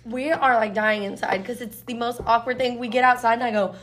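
High-voiced woman telling lively stories. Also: a little fast. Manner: animated storyteller who acts out quotes. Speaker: childcare worker. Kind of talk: casual podcast chat. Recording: noisy recording.

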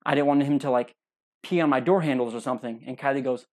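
A man's voice: mid-range voice, fast talker. A young man hosting his own podcast, telling a funny personal story and acting out what other people said. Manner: animated, acts out other people's lines. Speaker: podcast host.

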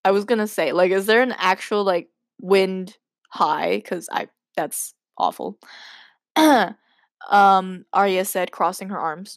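A woman's voice: mid-range voice, unhurried, no echo, clean studio sound. A young woman hosting a podcast, reading her old stories aloud and breaking off with giggling, self-mocking asides. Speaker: podcast host.

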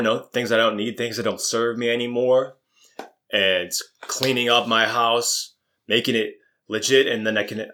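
A man's voice: mid-range voice, fairly bright tone. A man chatting casually and upbeat, rambling and correcting himself as he talks through his affirmations and plans. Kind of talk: casual chat with spoken affirmations.

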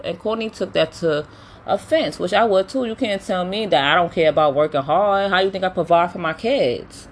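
A chatty woman with a slightly low voice, giving her frank opinions as she recaps a reality show episode. She talks casually, scattering um and you know through her sentences. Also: moderate pace, slight background noise. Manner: chatty, opinionated, animated retelling with quoted voices; many fillers like um and you know. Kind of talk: casual chat.

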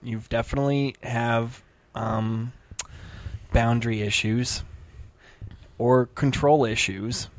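A young man co-hosting a casual chat, telling stories in a relaxed way full of filler words. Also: mid-range voice, slow, long pauses, dry recording. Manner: relaxed storyteller, lots of "like" fillers.

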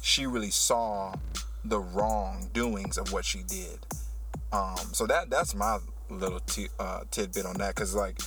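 A man who works as a teacher, hosting a casual podcast chat and telling a story with animated, heated energy. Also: low-pitched, a little slow, music in the background. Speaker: podcast host.

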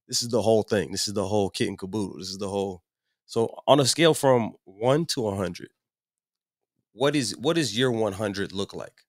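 A man with a low voice in casual podcast chat, recorded dry and close. He chimes in with short remarks and laughs along. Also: normal speed, dry recording.

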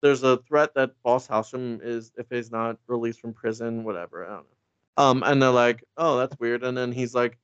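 A man's voice: mid-range voice, fairly even intonation, normal speed, clear, resonant tone, dry recording. A man casually recapping a story as a podcast co-host, rambling, cursing and saying "like" a lot. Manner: rambling, profane, full of "like". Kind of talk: casual chat. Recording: dry, slightly dull recording.

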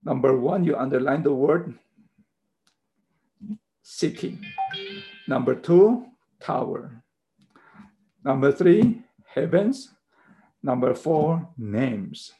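A man preaching a sermon, teaching slowly through a Bible passage in non-native English phrasing, with emphatic repeated checks like "okay.". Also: mid-range voice, animated, creaky, warm tone, faint music behind, poor audio. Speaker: pastor.

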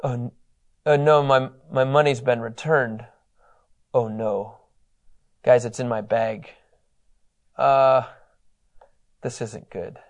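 A man's voice: fairly even intonation, takes it slowly, pauses often, lightly acted. A man acting out a frightened young biblical brother, muttering in dismay about money found in his sack. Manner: low, muttering, worried.

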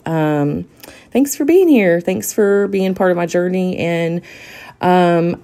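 A woman's voice: fairly low pitch, dark tone. A woman hosting a podcast in a casual monologue, rambling with lots of fillers and restarts. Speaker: podcast host.

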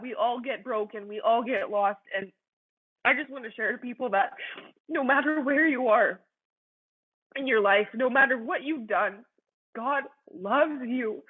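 A young woman with a husky voice on the high side gives her personal faith testimony, earnest and fervent, in a loose style packed with "like" and "you know." The sound is tinny, like a phone.

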